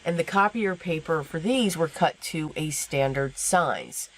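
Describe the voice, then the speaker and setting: A woman's voice: sits low, unhurried, a little hiss or hum, poor audio. A woman host chatting through a craft tutorial voice-over, rambling and self-deprecating with lots of fillers. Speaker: card-making channel host. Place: home craft room. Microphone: voice-over recorded at a desk.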